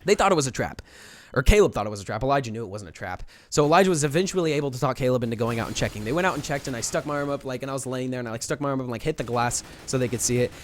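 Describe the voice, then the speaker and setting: A young man in a storytime vlog, retelling a prank in a rambling, animated way with many restarts. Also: mid-range voice, very fast, slight background noise. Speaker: vlogger.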